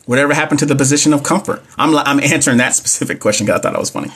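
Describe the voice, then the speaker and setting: Talking rapid-fire in a medium-pitched voice that's a bit bright with a breathy edge, this young man runs a laid-back livestream on nursing exam questions. He reads each one aloud and chats back to commenters along the way, picked up by a phone or webcam microphone.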